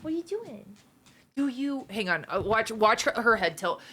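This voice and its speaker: A woman's voice: a little high, sing-song, normal speed, sharp tone, breathy edge. A young adult woman streaming live, chatting casually and playfully, teasing and greeting her viewers by name. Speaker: livestreamer. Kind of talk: casual livestream chat.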